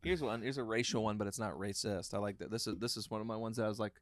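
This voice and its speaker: A man's voice: on the low side, fairly even intonation, rapid-fire, no echo. A man hosting a casual comedy podcast, swearing easily, repeating himself and laughing often. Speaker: podcast host.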